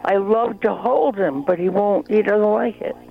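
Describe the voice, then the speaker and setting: A woman's voice: medium pitch, normal speed, vocal fry. A woman with a New York accent calling in to a radio show, friendly and a little hesitant. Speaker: caller. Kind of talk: phone-in chat. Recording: dull phone line.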